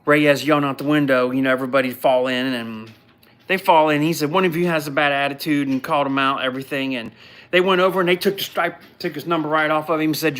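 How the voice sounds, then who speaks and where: A man's voice: mid-range voice, fast. Blunt, mocking man recapping a show. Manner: blunt, mocking, animated storytelling. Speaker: podcast host recapping a show. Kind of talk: casual live recap.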